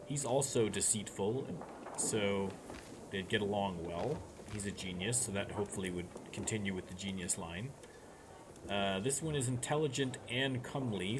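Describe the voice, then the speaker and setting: A man talking through a strategy game as he plays, thinking aloud in a chatty way with many restarts. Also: lowish voice. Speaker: let's play streamer. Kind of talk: gameplay commentary. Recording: noise behind the voice.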